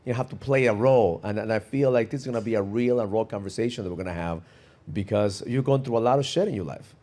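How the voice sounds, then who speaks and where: Fast-talking, warm-voiced podcast host man. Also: fairly low pitch. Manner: energetic, emphatic, repeats words. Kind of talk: conversational interview.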